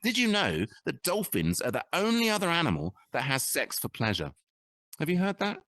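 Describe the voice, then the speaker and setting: Rambling, animated comedian in his fifties. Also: on the high side, normal speed, no room sound, clean studio sound. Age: 50s. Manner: rambling, self-interrupting, crude banter with stammered restarts. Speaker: stand-up comedian. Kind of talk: stand-up comedy in a virtual club.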